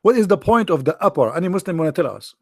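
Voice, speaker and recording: Gravelly man with a mocking tone. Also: high-pitched, expressive, racing, no echo, studio quality. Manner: mocking, theatrical, with mock sneezes and sung lines. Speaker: online religious commentator. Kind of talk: sarcastic monologue.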